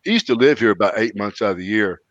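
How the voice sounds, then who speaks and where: A man chats casually as a podcast host and slides into loose, folksy stories. The audio is dry and a bit dull, like a low-fidelity recording. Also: fast, dry recording. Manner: folksy, rambling storyteller with lively quoted voices. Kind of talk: casual chat, storytelling.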